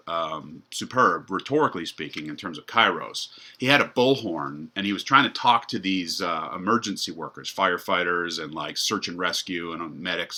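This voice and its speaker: Middle-aged guy lecturing a class, lowish voice, kinda sharp tone, lots of ums and restarts. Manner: conversational, many fillers and restarts. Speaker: professor. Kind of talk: university lecture.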